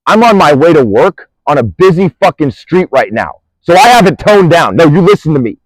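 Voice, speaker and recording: A man delivering a furious, profane, threatening rant outdoors on a busy street, swinging between shouting and low muttering. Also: very animated, normal speed, no echo, rough recording. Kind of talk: angry direct-to-camera rant.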